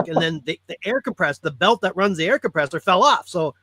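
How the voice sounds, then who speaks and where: A man's voice: high voice, quick pace, dry recording. A man, a former dive tender, telling a story with animation and acting out the lines of others. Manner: animated, acts out dialogue in quotes. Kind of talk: casual storytelling.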